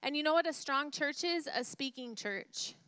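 Bright and a bit high, a woman's voice carries her sermon as pastor with lively intonation at a normal speed. She is emphatic, repeating key phrases and questioning the congregation, and grows hushed when she retells a story; the sound is close and dry with no room sound.

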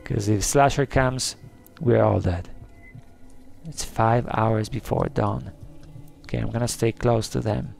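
A man's voice: lowish voice, fairly even intonation, measured pace, gravelly, darkish tone, faint music behind. A man commentating a scary game he is playing, easily spooked, gasping and crying out in alarm. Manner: jumpy, easily spooked, gasps and cries of "oh no". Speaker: gaming channel host. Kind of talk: let's play commentary.

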